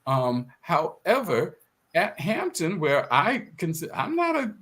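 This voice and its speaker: An older man from the South Carolina Sea Islands reflects aloud as an interview guest. His delivery is unhurried and measured, with small restarts. His voice moves through a wide, lively melodic range. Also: on the high side. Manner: measured, thoughtful, with hesitant restarts. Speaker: guest author.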